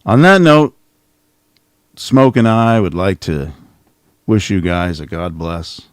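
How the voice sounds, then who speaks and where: A man's voice: low-pitched, slow pace, no room sound, studio quality. A middle-aged man hosting a casual livestream, rambling and sarcastic as he mocks someone from his home office. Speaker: channel host.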